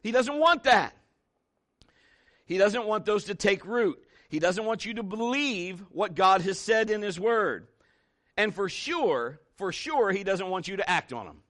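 A male pastor preaching a sermon with emphatic, animated storytelling. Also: high voice, measured pace.

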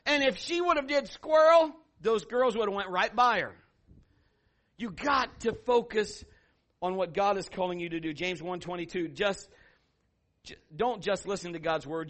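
A middle-aged man preaching a sermon, telling a story with animated swings from hushed asides to loud exclamations. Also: high voice, moderate pace. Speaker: pastor.

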